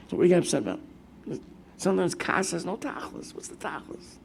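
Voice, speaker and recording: Brief: older New rabbi, gravelly and a bit high, storytelling sermon, faint hiss behind. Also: male voice, a little fast. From United States. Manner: storytelling with lively quoted asides, mixing Hebrew and Yiddish terms. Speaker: rabbi giving a Torah class.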